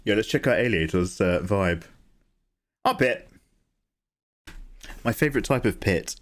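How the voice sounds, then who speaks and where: A man chatting casually with viewers while he draws on a livestream, getting excited, swearing freely and thanking people by name. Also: lowish voice, a little slow. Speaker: livestreaming artist.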